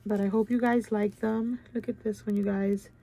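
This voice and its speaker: A woman's voice: mid-range voice, level tone, normal speed, mellow. A woman hosting a craft channel, chatting casually and gushing over her work with a stuffy nose. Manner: gushing, chatty, keeps saying "you guys". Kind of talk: casual show-and-tell chat.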